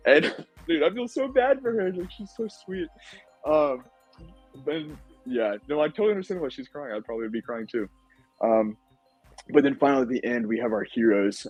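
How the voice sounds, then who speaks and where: A young man, a podcast guest, casually recounting a game-show experience in an animated way, with lots of fillers. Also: lowish voice, no echo, highs cut off. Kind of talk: casual storytelling.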